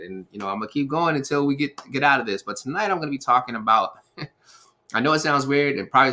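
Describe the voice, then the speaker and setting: A man with a medium-pitched voice hosts a casual live stream. He's energetic and upbeat, repeating phrases and using lots of fillers as he talks.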